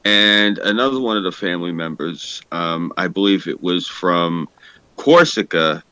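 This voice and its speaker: A man's voice: deep voice, animated, a little slow, bright, forceful tone, no echo. A man with a New York accent chatting casually, rambling with lots of fillers and swearing. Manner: rambling, profane, hesitant. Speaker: podcast co-host. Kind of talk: casual chat.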